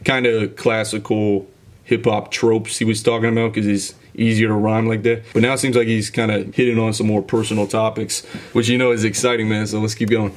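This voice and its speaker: Pitched on the low side with little movement, this man talks fairly quickly as he hosts a music reaction video. Music plays in the background while he casually and eagerly picks apart the rhythm and delivery out loud.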